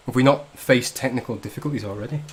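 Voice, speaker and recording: A man from the north of England hosts a casual drinking livestream, trading jokes and swearing through loose banter with frequent laughs. He talks fast in a mid-range voice, with slight background noise.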